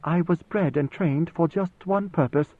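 A man voicing a young woman, a ruler's intended bride, speaking in a soft, measured, composed way. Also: on the high side, no echo, pitched above the performer's own voice. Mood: tender. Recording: dry, phone-like narrow sound.

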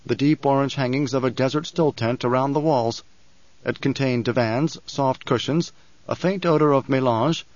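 A man narrates a novel for an audiobook, keeping his medium-pitched delivery calm and even as he reads the script. The audio has no echo and a dry, slightly flat quality.

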